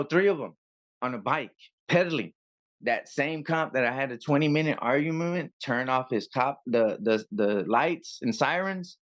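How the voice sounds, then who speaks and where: A man, a copwatcher guest in an interview, telling a story in a casual, animated way and acting out both sides of an argument. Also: medium pitch, lo-fi sound.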